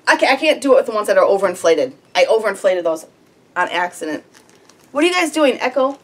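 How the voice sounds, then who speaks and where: A woman's voice: medium pitch, sing-song, quick pace. A woman vlogging at home on her homestead, talking herself through a fiddly craft in a fretful, slightly whiny way. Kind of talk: casual self-talk while crafting. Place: at home on a farm.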